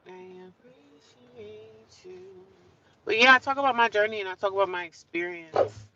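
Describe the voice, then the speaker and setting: A woman's voice: mid-range voice, fast, far from the mic, highs cut off, background noise. A woman in a car at a gas station, talking casually and ramblingly to her viewers, encouraging herself as she goes. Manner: chatty, rambling, self-encouraging. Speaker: vlogger. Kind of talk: casual vlog talk to viewers.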